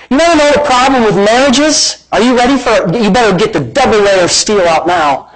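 A man's voice: high voice, fairly quick, hardly any pauses, slight background noise, low-quality recording. A man preaching a sermon as pastor, emphatic and conversational, with lots of repetition.

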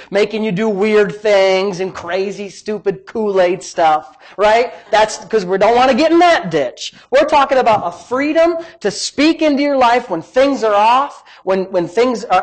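A man pastor preaching a sermon in an emphatic, exclamatory way. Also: high voice.

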